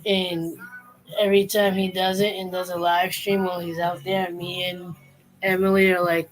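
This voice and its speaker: Animated woman telling a story on stream. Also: lowish voice, normal speed, faint music behind, rough recording. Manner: animated storyteller, quoting cartoon lines. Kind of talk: casual chat on a live stream.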